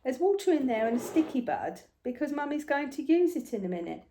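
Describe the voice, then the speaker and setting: A woman's voice: sits high, big pitch swings, brisk, mellow, a little hiss or hum. A woman chatting casually at home while she stitches, talking to her pets as she works. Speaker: embroidery vlogger.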